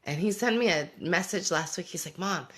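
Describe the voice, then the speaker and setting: Fairly low in pitch and a little bright, her voice moves at a fairly quick clip. She's a middle-aged homeschooling parent hosting a laid-back livestream, thinking out loud and answering what viewers write in.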